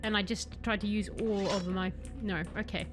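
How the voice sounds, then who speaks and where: With music playing behind her, a young woman with a medium-pitched voice at normal speed streams a video game. She chats casually and ramblingly with viewers in a let's-play, breaking into bursts of excited yelling.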